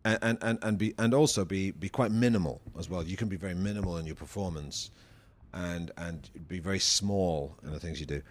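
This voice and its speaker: A low-voiced man, a comedian as a guest, thinks aloud as he answers. He stops, restarts and repeats words often while working out what he means. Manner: halting, thoughtful, many restarts and repeated words. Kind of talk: interview answers.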